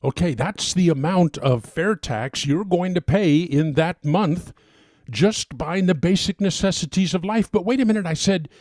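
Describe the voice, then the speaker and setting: A man's voice: high-pitched, moderate pace, darkish tone, no room sound, studio quality. A man giving a persuasive talk as an advocate, emphatic and getting worked up as he speaks.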